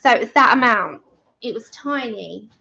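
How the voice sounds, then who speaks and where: A woman's voice: fairly high pitch, animated, moderate pace, vocal fry, bright, forceful tone, highs cut off. Chatty woman telling a laughing story. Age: 30s. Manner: chatty, laughs often, acts out her own story in quoted voices. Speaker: colouring livestream host. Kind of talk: casual chat while colouring on a livestream.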